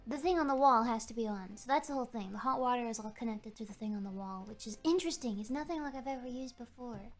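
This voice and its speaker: A young woman streaming, telling a rambling story in a giggly, animated way. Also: on the high side, fast talker, few pauses, faint music behind. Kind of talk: casual chat. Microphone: streaming microphone.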